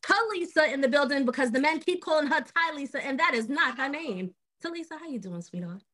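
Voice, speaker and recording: A woman's voice: high-pitched, expressive, a little fast, fairly bright tone. A woman hosting a podcast, introducing guests in an upbeat, teasing way. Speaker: podcast host. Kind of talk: casual hosting chat.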